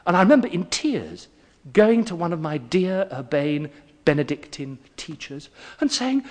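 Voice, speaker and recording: A man giving an evening lecture on poetry, telling stories with a husky voice and wide swings of pitch. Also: moderate pace. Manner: expressive storyteller, pitch swinging widely. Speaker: guest lecturer. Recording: echoey hall.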